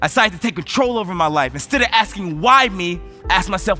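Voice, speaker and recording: A man from the United States delivers a motivational talk with a high, bright, forceful voice. He tells stories with energy that swells as he goes. Soft music runs faintly underneath. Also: a little fast, hardly any pauses. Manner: energetic storytelling, voice rising with emotion. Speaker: motivational speaker. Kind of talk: motivational speech.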